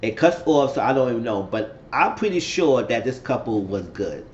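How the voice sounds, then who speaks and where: A man chats through a reality-show episode in a loose, animated recap, slipping into the voices of the people he quotes. His voice sits in the middle range. It sounds a little dull and boxy in a reverberant room, with a faint hiss behind it. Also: medium pitch, moderate pace. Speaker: YouTube reality-show reviewer.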